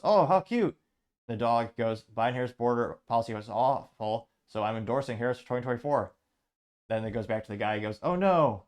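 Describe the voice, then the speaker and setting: A man hosting a political commentary show, sarcastic and halting, stumbling over words and restarting. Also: mid-range voice, darkish tone. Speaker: host.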